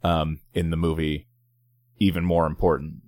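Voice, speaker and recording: Very deep-voiced man talking comics. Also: flat delivery, moderate pace, a little mellow. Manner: enthusiastic comic book fan, stammering repeats. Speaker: podcast co-host. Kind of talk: casual movie review chat.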